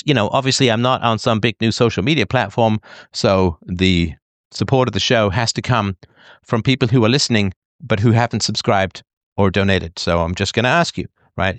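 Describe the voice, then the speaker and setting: With no room sound around him, a middle-aged podcast host speaks in a voice on the low side. His monologue to listeners is blunt and forceful, and he sometimes imitates whiny people.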